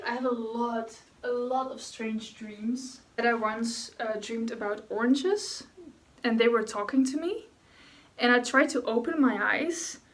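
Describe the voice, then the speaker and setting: Young woman, rambling and chatty, a bit high, roomy echo, heard from across the room. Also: distant mic. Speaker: vlogger. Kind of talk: casual chat while painting. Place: room at home. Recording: echoey room, voice off-mic.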